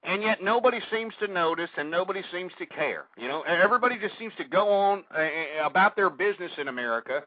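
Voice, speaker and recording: A high-voiced man with a Texan accent rants through a political talk radio monologue, swearing and repeating himself. The voice is close and dry, and the recording sounds dull and lo-fi, like an old radio broadcast. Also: lively intonation, fast, few pauses, no echo. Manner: heated, ranting, swears often, repeats himself. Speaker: radio show host.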